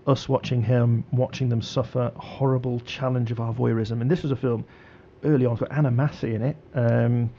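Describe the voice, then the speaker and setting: Gravelly-voiced radio host. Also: male voice, medium pitch, little pitch movement, lo-fi sound, a little hiss or hum. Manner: halting, many fillers and restarts. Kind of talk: casual radio chat.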